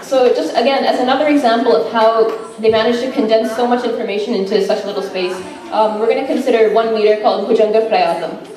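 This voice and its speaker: A student presenter gives an informal class presentation, enthusiastic and chatty and full of fillers. Her voice is a little high with fairly even intonation, and she talks fast; the mic is far off in an echoey room with background noise.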